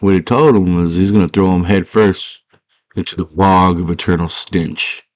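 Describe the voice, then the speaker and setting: Man, deep voice, dry close sound, casual rambling movie retelling, lots of filler. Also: fairly even intonation, moderate pace, dry recording. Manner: rambling, full of filler like "like" and "kinda". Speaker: storyteller.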